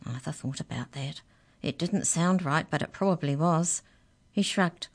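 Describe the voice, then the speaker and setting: A woman reading a children's story aloud, with gentle, chatty asides to young listeners. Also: sits low, normal speed.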